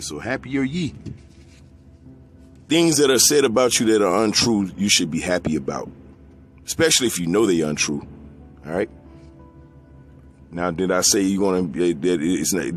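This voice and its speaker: A man preaching a sermon to younger men, blunt and profane, his voice climbing when he presses a point and dropping low and quiet when he reads scripture. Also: animated, moderate pace, faint music behind. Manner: forceful, profane, rises in pitch when stressing points.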